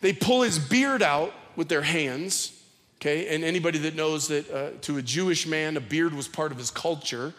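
A man preaching a sermon with a fairly high voice, talking casually and restarting his phrases as he goes. His words carry a long hall reverb. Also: moderate pace, fairly bright tone. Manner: conversational preaching, repeats words, acts out quotes. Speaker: pastor.

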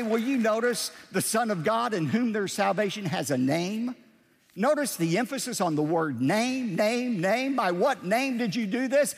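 Man, pastor, sermon, emphatic and sometimes shouting, lively melodic delivery, echoing sanctuary. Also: high-pitched. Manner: emphatic preaching, swinging from measured to shouted.

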